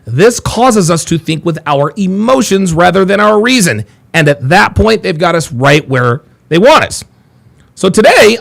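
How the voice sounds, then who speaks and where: A man's voice: sits high, gravelly. A man hosting a live stream, addressing his male audience in an emphatic monologue. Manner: animated, emphatic delivery to an audience. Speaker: host.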